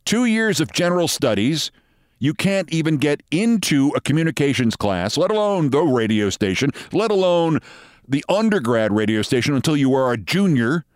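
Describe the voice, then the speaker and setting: A man's voice: a little high, big pitch swings, moderate pace, dry recording. A man hosting a show, telling a personal story in a wry, vivid way. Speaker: host. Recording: dry close studio sound.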